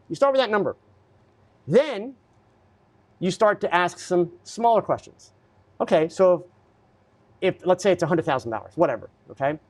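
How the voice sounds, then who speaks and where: A man hosting a live photography Q&A stream, answering viewer questions in a blunt, lecturing way with plenty of fillers. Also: high voice.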